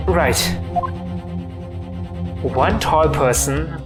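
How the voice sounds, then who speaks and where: A woman with a low voice reads a game's dialogue and narration aloud for her let's play. Her delivery is expressive and dramatic, swinging widely in pitch. Game music plays clearly behind her. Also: unhurried. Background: video game music.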